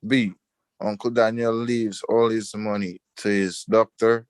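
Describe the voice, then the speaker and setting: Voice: medium pitch, little pitch movement, a little slow, smooth, dry recording. A student reading exam questions aloud, carefully, stumbling over some words.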